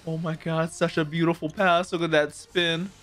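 A man hosting an anime reaction video, casual and excitable, swinging between loud hype and quiet musing, with some casual swearing. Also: fairly high pitch, moderate pace. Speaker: anime reaction channel host.

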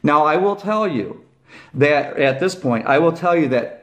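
A middle-aged man, a former police officer, telling a long rambling story to camera, repeating "okay?" and "I said" and raising his voice when he acts out his own past shouts. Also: a little high. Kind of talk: casual monologue to camera.

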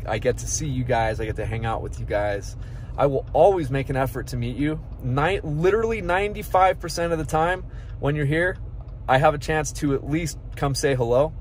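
A man's voice: mid-range voice, a little hiss or hum. A man chatting casually to his viewers while driving, upbeat and friendly. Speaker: local vlogger. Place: inside a car on a town road.

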